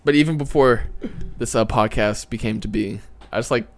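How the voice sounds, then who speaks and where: A man's voice: mid-range voice, moderate pace. A young man hosting a casual podcast with friends, telling rambling stories and laughing often. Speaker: podcast host.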